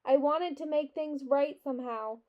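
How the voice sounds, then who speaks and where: A woman's voice: sits high, normal speed, natural voice. A woman reading as a worried, tearful mother. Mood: heartfelt. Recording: dull lo-fi recording.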